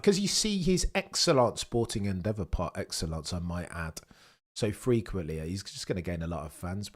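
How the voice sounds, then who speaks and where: Chatty British man, low-pitched. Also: brisk. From United Kingdom. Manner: chatty and cheeky, swinging between loud excited bursts and low mutters. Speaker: livestream host. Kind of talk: live race watchalong commentary, chatting with viewers.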